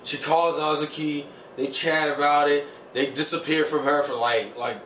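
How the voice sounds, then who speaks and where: A man's voice: a little high, steady tone, normal speed, fairly bright tone. Male vlogger, casual heated review, loose and profane; faint room noise behind him. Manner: rambling, profane, heated ranting full of "like". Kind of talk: casual spoken episode review. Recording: roomy sound from a distant mic, faint ambience.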